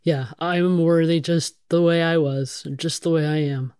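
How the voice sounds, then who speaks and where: A woman's voice: low-pitched, steady tone, a little slow, warm tone, smooth, no room sound, clean studio sound. Blunt, candid middle-aged woman firefighter. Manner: blunt, casual and profane, with many fillers. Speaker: firefighter telling her story. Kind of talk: candid conversational storytelling.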